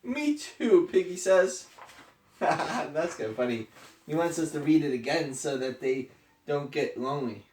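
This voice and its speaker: A woman's voice: rumbling low, moderate pace, a little mellow. A woman reading a picture book aloud to her child at home, making laughing asides to the child. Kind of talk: casual read-aloud at home. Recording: echoey room, distant mic, faint noise.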